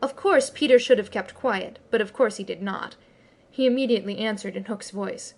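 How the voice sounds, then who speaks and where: A woman narrating a classic children's story as an audiobook reader, with expressive storytelling. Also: mid-range voice, moderate pace. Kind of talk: scripted narration.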